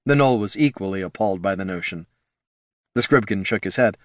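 A man narrating a fantasy story in an expressive storytelling way. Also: low voice, brisk, dry recording, clean studio sound. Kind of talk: audiobook narration.

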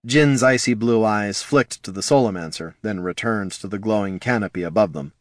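A man reads a fantasy audiobook with expressive, storyteller flair. His pitch sits fairly low, his pace is moderate, and the recording is dry.

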